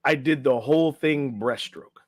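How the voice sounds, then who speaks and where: A man's voice: medium pitch, moderate pace. A middle-aged man, a podcast guest and life coach, telling a story casually and acting out the quotes, often tagging lines with "right?".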